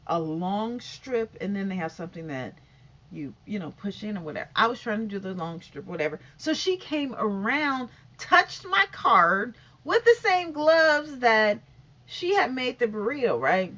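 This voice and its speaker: A woman's voice: medium pitch, sing-song, a little slow, fairly bright tone. A middle-aged woman vlogger telling a casual story-time monologue, rambling with lots of fillers and restarts and acting out every exchange. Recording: dull lo-fi audio.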